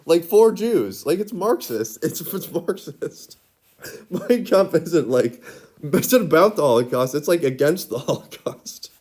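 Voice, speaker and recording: A man's voice: on the high side, expressive, a little slow, a little mellow. A man talking in a casual rambling monologue. He giggles often and fills his speech with "like". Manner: giggly, rambling, constant filler "like"; rambling, with lots of restarts.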